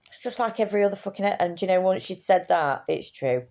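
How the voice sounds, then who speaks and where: A woman's voice: mid-range voice, animated, fast, a little mellow. A tired woman, rambling in casual chat to her camera and swearing freely. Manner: chatty, swears casually, trails off and restarts. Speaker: vlogger.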